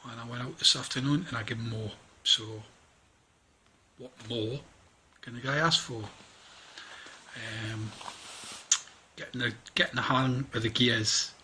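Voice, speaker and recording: A man's voice: medium pitch, fairly even intonation, unhurried, pauses often, sharp tone, a little hiss or hum. A man, rambling through a casual spoken diary and sounding tired. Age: 40s. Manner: rambling, chatty, quotes others in conversation. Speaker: vlogger.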